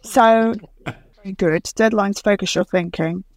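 A middle-aged woman TV producer telling stories in an interview, animated and laughing as she acts out what others said. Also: medium pitch, a little slow, dry recording. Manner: animated anecdotes with laughter and acted-out quotes. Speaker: TV producer guest. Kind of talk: podcast interview storytelling.

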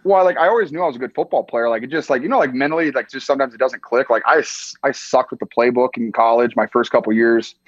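Fast-talking young man, casual. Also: medium pitch, dry recording, dull audio. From Iowa, US Midwest. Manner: laid-back, peppered with "like" and "dude". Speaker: podcast guest, tight end. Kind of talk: casual chat.

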